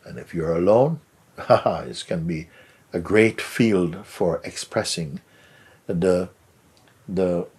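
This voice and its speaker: Speaking in a lowish, breathy voice, a teacher responds to a question with a quiet, unhurried spiritual talk. He frequently drifts into a whisper and gently repeats words for emphasis.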